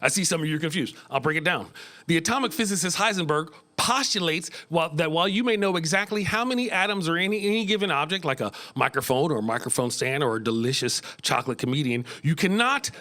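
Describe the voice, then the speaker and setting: A middle-aged American man doing a stand-up set in a small club, animated, often jumping into high voices. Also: fast. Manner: animated, jumps into high squeaky voices for kids. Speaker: stand-up comedian. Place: small comedy club stage.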